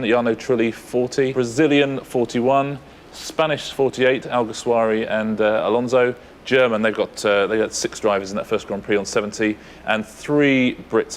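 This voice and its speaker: A man with an English accent, co-hosting a quiz show and reading out answers and scores in a measured, lightly chatty way. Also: medium pitch, a little hiss or hum.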